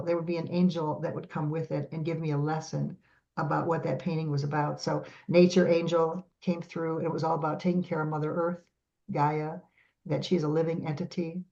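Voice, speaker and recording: A middle-aged woman guest on a podcast, telling stories in a lively way and acting out the voices of the people in them. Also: low voice, creaky. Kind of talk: animated storytelling in a podcast interview. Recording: dull lo-fi audio.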